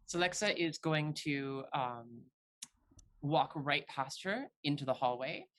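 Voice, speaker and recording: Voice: mid-range voice, animated, takes it slowly, fairly bright tone. A tabletop game player describing their character's actions, hesitant with many fillers.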